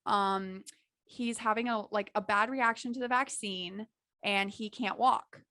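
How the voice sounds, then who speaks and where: In a casual podcast conversation, a young woman in her twenties co-hosts and tells a story, laughing a lot and performing the quotes with animation. Her voice is medium-pitched and her pace measured.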